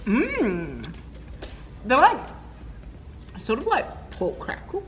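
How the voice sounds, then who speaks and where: A woman's voice: fairly high pitch, huge pitch swings, drawn-out words, a little hiss or hum. An Australian woman vlogging casually to camera as a cosplay guest, bubbly and giggly, a little tired. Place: busy convention venue, indoors. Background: crowd chatter.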